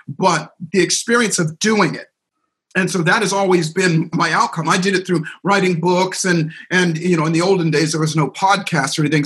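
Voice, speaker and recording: A middle-aged man with a fairly high voice, a guest on a podcast, telling a story about his work. He acts out the voices of the people he quotes. He speaks in a lively, animated way. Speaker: guest, seminar speaker and coach.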